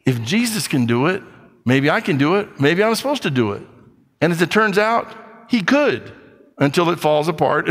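A man's voice: medium pitch, fairly bright tone, long reverb tail. A man preaching a sermon, telling a story and acting out its dialogue. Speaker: pastor.

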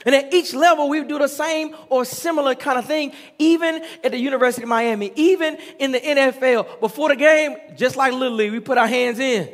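A man's voice: extremely high pitch, brisk, few pauses. Pastor, man, middle-aged, sermon in a church with a long echo, leading the room in call-and-response. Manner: preaching with call-and-response and chanted repetition. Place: church sanctuary. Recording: long hall reverb.

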